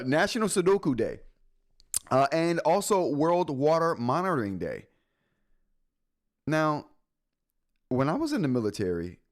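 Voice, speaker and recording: A man hosting a live tech show, chatting casually with his viewers, joking and laughing often. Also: medium pitch. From United States. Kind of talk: casual live-stream chat.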